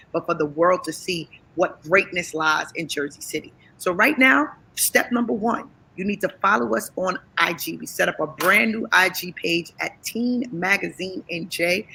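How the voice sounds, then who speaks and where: A woman guest giving an upbeat, encouraging pitch in a gravelly voice. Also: pushed and bright, low-quality recording. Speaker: guest co-presenter. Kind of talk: enthusiastic promotional talk.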